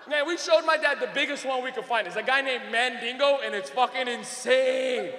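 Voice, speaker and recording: Gripping a handheld mic in a comedy club, this profane, loud man rattles through his stand-up set fast, barely pausing. The voice is bright and pitched high for a male, echoing with a long, hall-like reverb.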